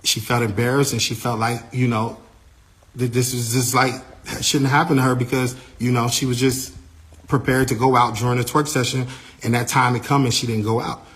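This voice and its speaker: A man's voice: medium pitch, moderate pace. Man telling a story with animation. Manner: lively, repeats himself and uses casual slang. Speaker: artist's manager recounting an incident.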